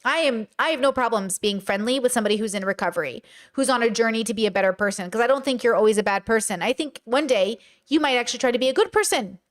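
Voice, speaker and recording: A young woman talks to her livestream chat in a blunt, animated, casual way, her voice sitting high. She rants freely and now and then drops into goofy voices and snatches of song. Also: fast talker. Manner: animated, blunt, breaks into silly voices and sung bits. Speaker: podcast host and live streamer.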